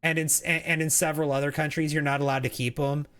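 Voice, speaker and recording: A man's voice: a little high, flat delivery, fast talker, a bit bright, smooth. A man streaming a game, chatting casually in a rambling way, reading chat aloud and often restarting his sentences.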